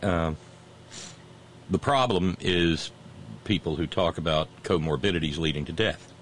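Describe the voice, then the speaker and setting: A man's voice: deep voice, a little slow, a bit bright, slight background noise. A man hosting a talk show, giving sarcastic, mocking commentary and reading out listener messages.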